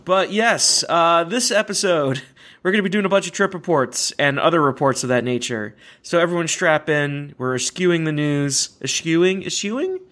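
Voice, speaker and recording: A man's voice: a little high, moderate pace, sharp tone. A young man, hosting a casual podcast and rambling through stories with frequent restarts and laughs. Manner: rambling, self-correcting, laughs often. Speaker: podcast host. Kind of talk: casual chat.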